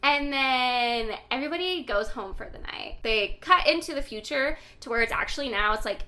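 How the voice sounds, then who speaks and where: A young woman hosting a casual book chat, retelling a story scene by scene. She chatters along with plenty of fillers, voicing each character as she goes. Her voice sits high and bright, sharp at the edges. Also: normal speed. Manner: animated storyteller, acts out characters' lines, many "like" fillers. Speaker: book podcast co-host.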